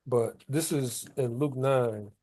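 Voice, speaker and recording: A man's voice: mid-range voice, slow pace, mellow. A man leading a Bible study, explaining scripture in loose, colloquial everyday talk. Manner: colloquial, paraphrases scripture in casual street talk. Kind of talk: conversational Bible study teaching.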